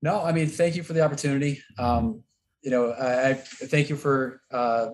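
Male interview guest, middle pitch, hesitant and reflective, faint background noise. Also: fairly even intonation, moderate pace. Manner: thoughtful, hesitant, many restarts. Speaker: guest, record label founder. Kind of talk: interview answers.

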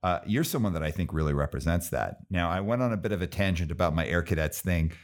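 A man's voice: sits low, expressive, quick pace. A man hosting a casual interview, talking in a rambling way and saying "like" a lot. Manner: rambling, heavy use of "like". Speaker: podcast host. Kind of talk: casual conversation.

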